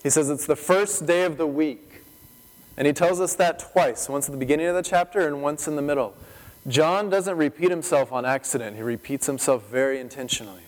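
A man preaching a sermon, retelling scripture as a lively story full of rhetorical questions. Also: on the high side, a little fast, in a large hall, rough recording. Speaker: pastor.

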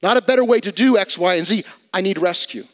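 A pastor preaching a sermon in a conversational way, swinging between loud emphatic bursts and quiet asides. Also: male voice, fast. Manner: conversational preaching with dramatic swings in volume and pitch.

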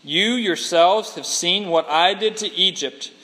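High-voiced guy teaching bible class, lively, laughs a lot, echoey hall. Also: unhurried, a little hiss or hum. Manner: animated, laughs often, acts out quotes. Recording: long hall reverb.

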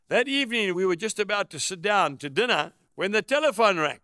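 A man's voice: high-pitched, sharp tone, dry recording, clean studio sound. A man narrating a first-person memoir as an audiobook, in an earnest, reflective way.

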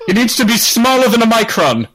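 Brief: man doing a falsetto cartoon mom, overwrought, voice swooping all over. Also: very animated, fairly quick, fairly bright tone, exaggerated voice, poor audio. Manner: shrill, theatrical, melodramatic. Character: doting, unhinged cartoonish mother. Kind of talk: improvised comedy voice in online chat.

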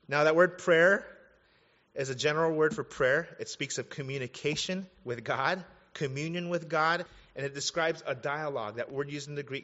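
A man in his thirties, a pastor preaching an animated, conversational sermon with casual asides. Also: medium pitch. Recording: dull sound, long hall reverb.

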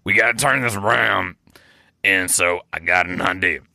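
A man playing Mo, a gravelly drunk beer boss. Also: low voice, moderate pace, sharp tone, dry recording, studio quality, full character voice. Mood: rambling. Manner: rambling, apologetic, swearing, clears throat often. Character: drunk, rambling male beer company boss Mo. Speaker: podcast co-host doing improv. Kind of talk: improvised comedy character.

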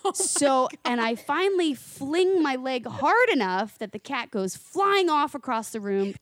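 A woman telling a comic story in a casual chat, animated and exaggerated, swearing freely. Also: fairly high pitch, no echo, studio quality.

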